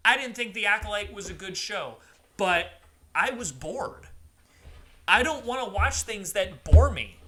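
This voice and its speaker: A man's voice: high-pitched, animated, a little slow, sharp tone, slightly rough. A man co-hosting a podcast, talking emphatically in a casual, ranting way and often repeating himself. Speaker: podcast co-host.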